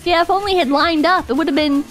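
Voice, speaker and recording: A woman's voice: extremely high pitch, fast talker, a bit bright, soft background music. A woman streamer telling a story in a casual, rambling way, swearing and giggling often. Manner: rambling, profane, giggly, with frequent restarts.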